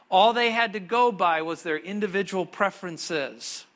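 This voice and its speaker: A man delivers a sermon in a high, bright voice. He drops to quiet asides, then punches key words with sudden loud emphasis, like a dramatic preacher. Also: normal speed. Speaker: pastor.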